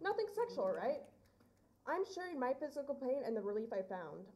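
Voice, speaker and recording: A woman's voice: on the high side, big pitch swings, normal speed, a little mellow. An eighteen-year-old woman performing spoken word poetry on stage, earnest and rising to firm emphasis. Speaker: slam poet. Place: live poetry event on stage.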